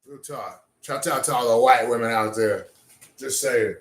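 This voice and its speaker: A man's voice: medium pitch, normal speed. A man doing rambling livestream banter, crude and trash-talking, answering his chat. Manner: sings off-key bursts of a ballad.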